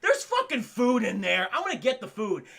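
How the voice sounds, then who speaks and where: Brief: a man voicing a dumb, hungry dinosaur, crude and blunt, with a bright, gravelly voice. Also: extremely high pitch, wildly swooping pitch, moderate pace, full character voice. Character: hungry dim-witted male dinosaur.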